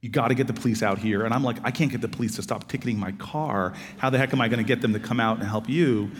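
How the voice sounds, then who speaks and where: A man's voice: mid-range voice, fast talker, slight background noise. Man telling a story in a reverberant hall. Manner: animated anecdotal storytelling, acting out both sides of dialogue. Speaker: author and former city politician. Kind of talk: storytelling talk.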